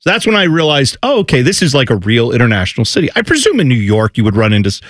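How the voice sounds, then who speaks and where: A man on a talk radio show rambling through a long anecdote. His pitch swings widely as he talks, and the dry studio sound sits close and clean with no room around it. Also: big pitch swings, racing, dry recording. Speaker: radio co-host. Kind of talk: casual sports-radio banter. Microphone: studio microphone.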